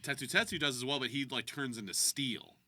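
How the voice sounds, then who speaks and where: A man's voice: medium pitch, brisk, pushed and bright, no echo. A man co-hosting a podcast and chatting casually, telling stories with quoted voices. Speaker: podcast co-host, voice actor and director. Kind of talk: casual chat.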